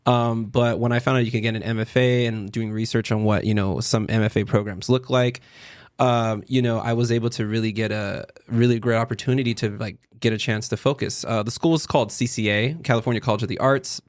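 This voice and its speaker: A man's voice: medium pitch, fairly even intonation, brisk, no room sound, studio quality. A man speaking as a podcast guest, an artist and art educator, talking casually, rambling a little and laughing often. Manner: chatty, laughs often, rambling with many fillers.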